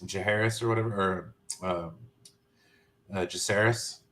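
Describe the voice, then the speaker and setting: A man chatting casually about a TV finale, relaxed and hesitant with fillers. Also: on the low side, measured pace. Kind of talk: casual spoiler chat.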